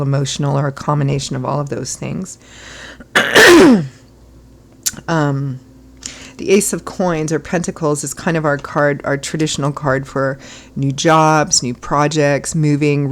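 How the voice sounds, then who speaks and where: Woman, hoarse, low voice, rambling tarot reader, clears her throat a lot. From Ireland. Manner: chatty, rambling with frequent fillers and throat clearing. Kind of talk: casual tarot reading talk.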